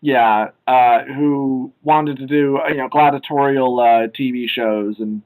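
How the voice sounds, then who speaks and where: A man's voice: medium pitch, steady tone, unhurried, darkish tone, rough recording. A young man co-hosting a casual podcast chat, rambling with many ums and uhs. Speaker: podcast co-host.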